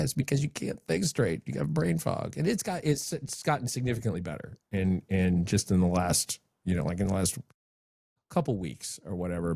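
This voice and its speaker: Middle-aged male podcast host, dark and dry sound, relaxed and halting. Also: on the low side, vocal fry, husky, no echo. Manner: relaxed, halting speech with chuckles and restarts. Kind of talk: casual podcast chat.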